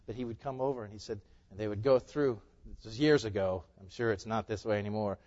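A man's voice: on the low side, quick pace, darkish tone. Emphatic male pastor preaching in a reverberant hall. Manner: emphatic, pleading preaching with rhetorical questions. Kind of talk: sermon. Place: church sanctuary. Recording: dull sound with long hall reverb.

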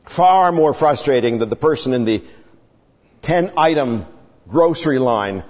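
A man's voice: a little high, sing-song, unhurried. A man preaching a sermon, acting out the people in the story with dramatic swings in his voice. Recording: dull sound with long reverb.

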